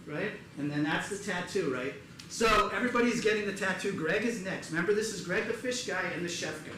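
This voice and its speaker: A comedian does live storytelling comedy in his one-person theater show, acting out other people's voices in loud, animated bursts for the audience. He speaks a little fast in a high voice; the room is echoey with audience ambience and a slight hiss or hum.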